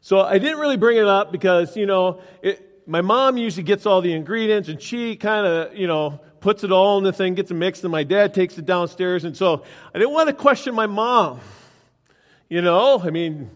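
A man with a slightly high voice gives a sermon in a chatty, joking manner, bantering with the congregation. His words ring with the long reverb of a church hall. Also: moderate pace. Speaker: pastor.

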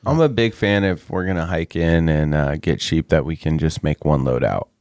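A man with a very deep voice, chatting in a relaxed, halting way and often restarting his sentences. The recording is dry and close. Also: dry recording. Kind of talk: casual chat.

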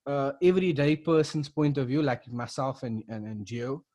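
A man's voice: medium pitch, moderate pace, warm tone. A man from South Africa co-hosting a casual podcast, retelling events with lots of restarts and fillers. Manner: rambling, many restarts and fillers. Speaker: podcast co-host.

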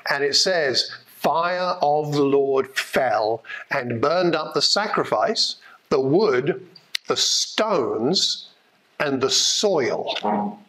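Animated man preaching a conversational sermon. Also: fairly high pitch, low-quality recording. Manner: conversational, animated storytelling with asides.

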